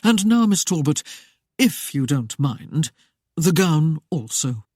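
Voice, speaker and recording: An audiobook narrator voicing a calm young nobleman who speaks softly and in measured, mocking tones. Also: mid-range voice, no echo, clean studio sound. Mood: commanding. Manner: soft, measured and coolly mocking. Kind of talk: audiobook character voice.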